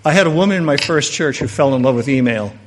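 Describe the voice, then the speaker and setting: A pastor preaching a conversational sermon, moving between raised emphasis and hushed, quiet lines. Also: male voice, medium pitch, lively intonation, fast, long reverb tail.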